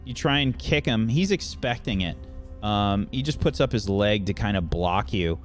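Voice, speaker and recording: A man's voice: lowish voice, lively intonation, moderate pace. A man running a tabletop role-playing game as game master, narrating loosely with many fillers. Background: faint background music.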